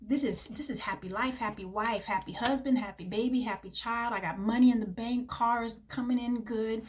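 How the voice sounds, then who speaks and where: A woman's voice: on the high side, normal speed, hardly any pauses, darkish tone. A woman giving a tarot reading to her viewers, gushing and affectionate, calling the listener honey and baby. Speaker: tarot reader.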